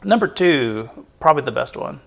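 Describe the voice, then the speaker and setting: A man with a gravelly, creaky voice rambles through a relaxed podcast chat. He piles on fillers and restarts as he talks, loose and conversational. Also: on the high side, normal speed. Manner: rambling, chatty, with many fillers. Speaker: podcast co-host and producer. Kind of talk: casual chat.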